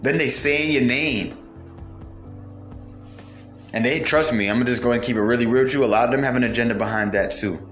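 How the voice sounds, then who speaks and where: A man's voice: medium pitch, a little fast, long pauses, a bit bright. A man delivering a heated, profane monologue to his viewers, firing off rhetorical questions. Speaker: commentator. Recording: roomy echo, faint music behind.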